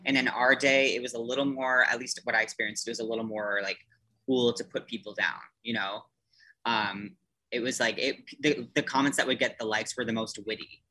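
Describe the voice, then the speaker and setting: A man's voice: medium pitch, steady tone, a little fast, bright, forceful tone, rough recording. A man in his thirties, a theater performer chatting as a guest, rambling with many restarts and fillers. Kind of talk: casual podcast chat.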